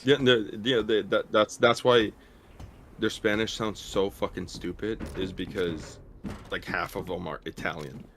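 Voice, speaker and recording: Low-voiced man ranting bluntly. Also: steady tone, a little slow, gravelly, a bit bright, a little hiss or hum. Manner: blunt, profane ranting with restarts. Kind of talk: casual stream chat.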